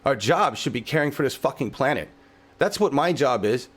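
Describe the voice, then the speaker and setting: A man's voice: medium pitch, lively intonation, normal speed. A male show host delivering a heated political podcast rant, swearing heavily, fervent and exasperated.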